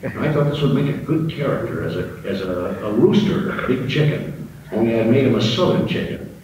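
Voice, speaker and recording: A man's voice: mid-range voice, lively intonation, a little fast. An older man giving a storytelling talk to an audience, speaking in an anecdotal way with fillers. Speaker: guest speaker. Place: university auditorium. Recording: distant mic in echoing hall with audience and hiss.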